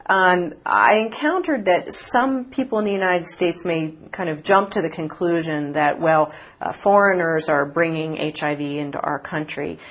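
A woman reporter answering interview questions in an articulate, measured way, with occasional fillers. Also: low voice, a bit bright. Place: conference city, remote from host.

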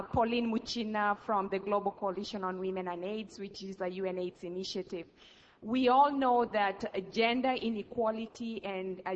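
A woman from an advocacy coalition, asking the panel a question at an audience microphone in a polite, measured way. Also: medium pitch, dull audio, slight background noise. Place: large conference hall. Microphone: audience floor microphone.

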